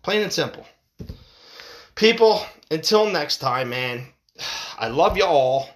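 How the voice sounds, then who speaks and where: Fired-up man ranting with lively pitch. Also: takes it slowly. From United States. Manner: fired up, swearing, repeating phrases. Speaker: vlogger. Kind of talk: heated monologue to viewers.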